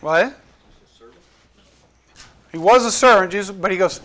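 High-voiced man preaching earnestly. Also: unhurried, pauses often, fairly bright tone. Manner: earnest, conversational preaching with restarts and audience questions. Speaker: pastor. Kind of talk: sermon.

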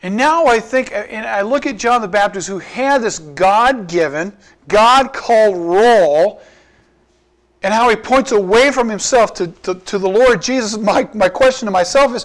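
A pastor preaching a conversational sermon, asking his listeners rhetorical questions and slowing down to stress key points. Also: sits high. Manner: asks the congregation rhetorical questions, slows down for emphasis.

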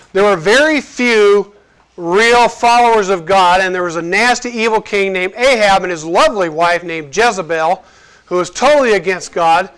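A man with a notably high voice preaches in a loose, conversational way. He is lively and cracks jokes. He acts out the people in his story as he goes. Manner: lively, jokey, acts out quotes. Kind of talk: casual conversational sermon.

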